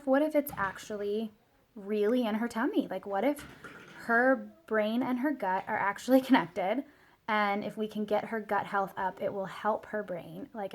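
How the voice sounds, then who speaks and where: Chatty mom telling a story. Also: female voice, medium pitch. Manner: chatty, lots of fillers and "like", quotes her child in a small soft voice. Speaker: mother sharing a product story. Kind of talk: casual vlog storytelling.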